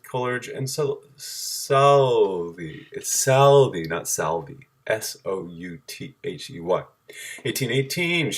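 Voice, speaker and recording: A man reading a timeline of dates from his notes, halting and correcting himself as he goes. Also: mid-range voice, a bit bright. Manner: halting, self-correcting, reads dates aloud.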